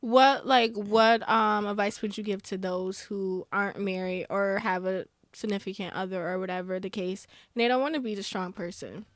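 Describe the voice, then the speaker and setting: A woman's voice: medium pitch, steady tone, moderate pace, few pauses, dry recording, studio quality. A woman hosting a podcast, asking questions and encouraging her guest with short replies. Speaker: podcast host. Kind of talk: casual interview.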